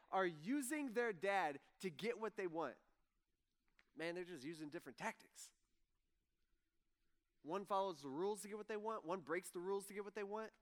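A man preaching a sermon in a casual, conversational way, acting out the people he quotes. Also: high-pitched. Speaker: pastor. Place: church hall with audience.

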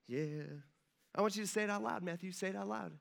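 A man's voice: high-pitched, quick pace, gravelly. A man voicing a patient, loving male teacher who presses his followers with earnest questions. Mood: insistent.

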